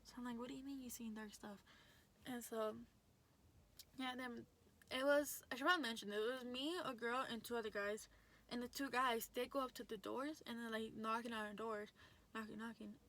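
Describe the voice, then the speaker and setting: A young woman talks straight to her audience, rambling through a story with plenty of fillers and excited bursts. Her voice sits a little high, and she keeps it casual and quick to react. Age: young adult. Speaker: vlogger.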